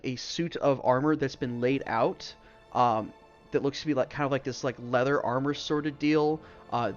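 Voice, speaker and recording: A man narrating a tabletop game as game master, rambling and full of "like" and "um". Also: medium pitch. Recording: dull lo-fi stream audio with faint music.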